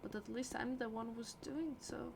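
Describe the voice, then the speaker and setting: A woman talking through a game in soft, earnest, confessional commentary, sometimes dropping to a whisper. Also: on the high side, moderate pace, vocal fry. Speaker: gameplay streamer. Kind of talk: reflective gameplay commentary. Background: loud game music.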